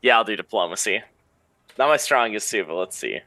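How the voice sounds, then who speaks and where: A man's voice: fairly low pitch, lively intonation, brisk, sharp tone, no room sound. A man playing a tabletop game who laughs often and talks through his character's actions with many fillers. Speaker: player. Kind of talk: casual tabletop play.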